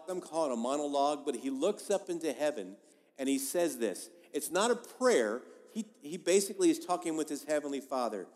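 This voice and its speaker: Man preaching in a reverberant hall. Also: on the high side. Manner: conversational, emphatic preaching that swings between loud and soft. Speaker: pastor. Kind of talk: sermon. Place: church sanctuary. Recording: long reverb of a large hall.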